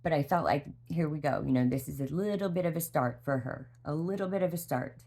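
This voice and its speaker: A tired mother speaks in a low voice with a gravelly, creaky edge, telling her story candidly in a vlog. Her talk rambles with heartfelt restarts. The fatigue is audible. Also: brisk, warm tone. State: exhausted. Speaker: mother sharing a parenting story.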